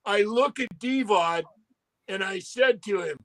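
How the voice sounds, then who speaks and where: A man co-hosting a casual talk show, telling a profane story with animated acted-out quotes. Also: high-pitched, slow pace, no echo. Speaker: podcast co-host.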